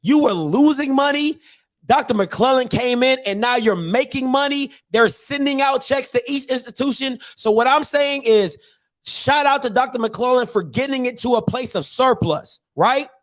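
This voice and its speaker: A man with an extremely high-pitched voice hosts a podcast at normal speed, delivering an emphatic, opinionated rant. He talks in casual slang, restarts his sentences, and fires off one rhetorical question after another.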